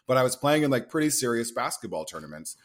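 A man in his thirties telling a long personal story in a casual chat, acting out the quotes. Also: medium pitch. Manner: animated, quick storyteller who acts out quotes. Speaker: podcast guest.

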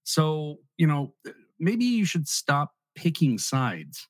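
Husky laughing podcast co-host man. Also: on the high side, takes it slowly, no room sound. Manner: laughs easily, animated, rambling. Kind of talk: casual podcast banter.

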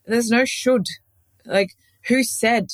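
A woman's voice: on the high side, slow pace, no echo. A woman from Australia, a safety consultant and coach, talking frankly as a podcast guest and laughing easily. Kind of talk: casual interview chat.

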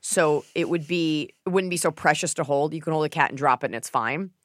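A woman co-hosting a casual advice chat, cracking sarcastic, deadpan jokes. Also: low voice, fairly quick, dry recording, studio quality. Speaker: podcast co-host.

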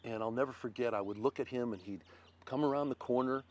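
A man's voice: mid-range voice, quick pace. An older man from Ohio, a former ballplayer, telling stories in a casual interview and acting out quotes. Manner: animated storyteller, acts out quotes loudly. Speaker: interview guest, former baseball pitcher.

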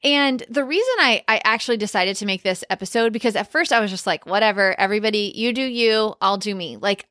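A woman's voice: mid-range voice, fairly bright tone, no room sound, studio quality. Chatty woman wedding planner podcasting. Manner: chatty, emphatic, lots of "like" and quoted asides. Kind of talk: casual podcast monologue.

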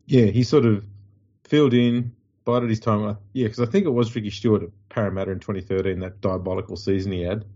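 A man's voice: lowish voice, fairly even intonation, brisk, warm tone, dull audio. A man with an Australian accent co-hosting a podcast in blunt, profane casual sports chat. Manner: blunt and profane, mocking impressions. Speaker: podcast co-host.

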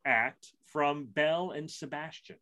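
A middle-aged man with a fairly high speaking voice hosts a casual podcast chat. He rambles through his stories and stumbles over restarts. He keeps poking fun at himself as he goes. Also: a little slow, bright, forceful tone. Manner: rambling, self-deprecating storyteller with frequent restarts. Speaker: podcast co-host.

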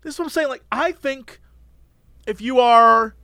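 A man's voice: extremely high pitch, normal speed, no room sound, clean studio sound. A man co-hosting a casual chat, ranting expressively and acting out impressions. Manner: expressive, exaggerated rants with impressions.

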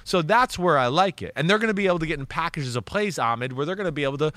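A man's voice: on the high side, fast talker, no room sound. Fired-up, blunt football analyst man. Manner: animated, blunt, swears freely. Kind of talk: casual podcast talk.

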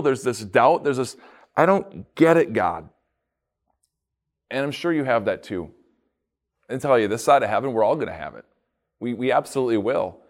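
A male pastor giving a devotional podcast talk, telling the story in an animated way and acting out quotes. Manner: animated storytelling, acts out quotes with big pitch jumps.

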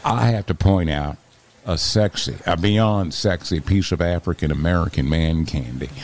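A man's voice: deep voice, a crowd in the background. A man playing a swooning, gushing sports reporter. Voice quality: breathless, swooning, drawn-out gushing. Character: flamboyant male sports reporter gushing over players. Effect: phone line. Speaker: comedy sports reporter bit.

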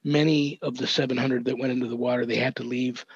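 An older man, a reverend, earnestly recounting a family story as a podcast guest, measured and thoughtful with small restarts. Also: medium pitch, little pitch movement, breathy edge, dry recording. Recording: dull, dry lo-fi audio.

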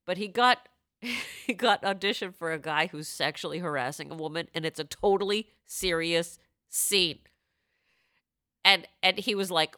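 A woman's voice: mid-range voice, moderate pace, bright, forceful tone, no echo, clean studio sound. A woman hosting a comedy podcast, playful and laughing often as she jokes and slips into silly voices. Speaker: podcast host.

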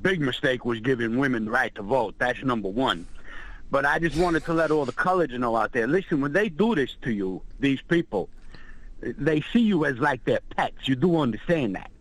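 A man's voice: mid-range voice, animated, normal speed, fairly bright tone, rough recording. A man calling in to a talk show, ranting bluntly in crude language. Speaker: caller. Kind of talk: phone-in rant.

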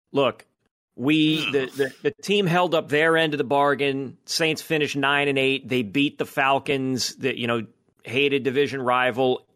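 Casting note: man co-host, mid pitch, casual sports analysis with halting starts. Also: fairly bright tone. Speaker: podcast co-host.

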